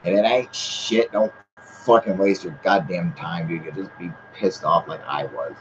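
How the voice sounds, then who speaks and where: A man hosting a casual livestream, a little high and drunk, swearing constantly and reading the chat aloud. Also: sing-song, measured pace, dull audio, a little hiss or hum. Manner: heavy swearing, laid-back, reads chat aloud. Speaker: livestream host.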